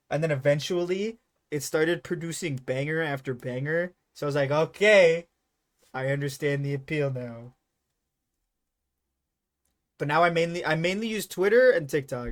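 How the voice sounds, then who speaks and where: A young man streaming live, chatting casually in a rambling, profane, self-mocking way, with sudden loud jumps when he acts out his own reactions. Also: fairly high pitch. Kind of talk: casual live-stream chat while gaming.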